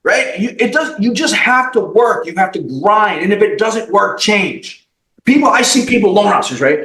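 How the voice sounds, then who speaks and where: A high-voiced man talks in big, lively swoops, pressing each point bluntly and swearing now and then. He is a company CEO sitting as a guest on a podcast interview. The room around him rings with a noticeable echo. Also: normal speed. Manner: emphatic, blunt motivational talk with profanity.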